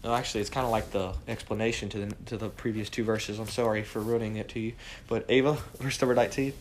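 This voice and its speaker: A man leading a morning Bible study, preaching with lots of rhetorical questions and swinging from quiet asides to loud cries. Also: on the low side, quick pace, slight background noise. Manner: animated, fires rhetorical questions at the group.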